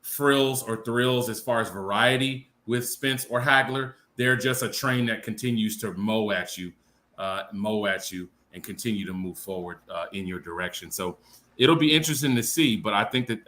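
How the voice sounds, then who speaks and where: On a boxing live-stream panel, a male co-host gives considered analysis, talking in extended, hedged stretches loaded with filler words. His lowish voice is bright and forceful at normal speed, with a little hiss or hum.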